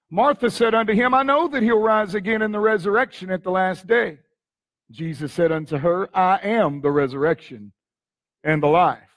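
A man with a Texan accent preaching a dramatic sermon as pastor, reading scripture with sudden swings from loud to hushed. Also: sits high, animated, normal speed. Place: church sanctuary.

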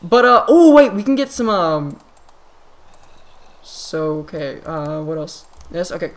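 A man talks through his game session into a desktop microphone, in loose, casual commentary. He is quick to exclaim and often restarts his sentences as things happen on screen. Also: on the high side. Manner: excitable, frequent exclamations and restarts. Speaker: gaming channel host.

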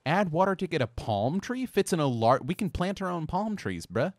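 A man casually bantering while playing a co-op game, joking and laughing often, swinging from mumbles to loud outbursts. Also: on the high side, big pitch swings, moderate pace, no echo. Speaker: co-op game streamer.

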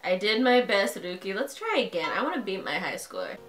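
A young woman hosting a casual let's-play, fangirling over the characters with excitable, crude, profane commentary. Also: mid-range voice, fairly quick. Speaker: gaming channel host. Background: game music.

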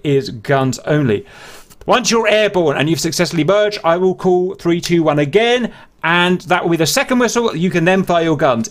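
A British man hosting a flight-sim multiplayer event, teasing the players and briefing them on the rules in a joking, sarcastic manner. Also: fairly high pitch. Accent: British English. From Britain. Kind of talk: casual hosting banter and rule briefing.

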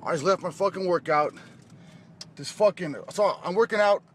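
A man filming himself in a profane, angry rant, shouting and repeating himself. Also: sits high, normal speed, a little hiss or hum. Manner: shouting, swearing constantly, repetitive. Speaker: vlogger filmed ranting.

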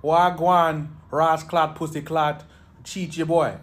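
A man's voice: on the high side, little pitch movement, slow pace. A man doing a brash guy. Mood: mocking. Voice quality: mocking exaggerated patois. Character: brash Jamaican man throwing rude slang.

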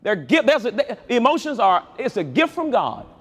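A man preaching a sermon at a large convention, with an animated delivery that swings between loud high calls and low quiet asides. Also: moderate pace, husky. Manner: animated preaching with wide swings in pitch and loudness. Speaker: pastor.

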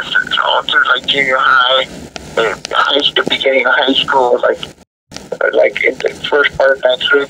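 A man's voice: medium pitch, gravelly, sharp tone, recorded from a distance, a little hiss or hum, poor audio. A man in a casual interview, talking about his band in a rambling way, full of fillers and restarts. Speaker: guest musician, death metal vocalist.

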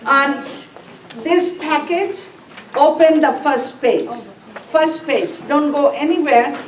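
High-voiced woman lecturing in a roomy classroom. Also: distant mic, a little hiss or hum. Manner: asks and answers her own questions, repeats key words. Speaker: nursing instructor.

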